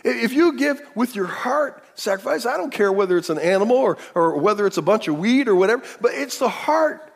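A man voicing God as a loving, patient father gently coaxing his son in a sermon. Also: sits high, expressive, brisk, gravelly, hardly any pauses, voice pushed up, exaggerated voice. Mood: gentle.

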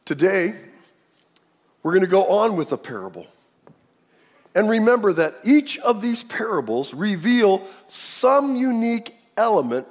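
A husky-voiced male pastor preaches with a lively, swooping delivery, often putting on voices for the people in the story. His voice rings out through a church with a long, trailing reverb. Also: sits high. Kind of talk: sermon.

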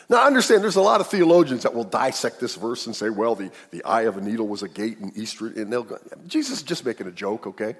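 A husky-voiced male pastor preaches with a lively, swooping delivery, often putting on voices for the people in the story. His voice rings out through a church with a long, trailing reverb. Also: medium pitch, brisk. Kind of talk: sermon.

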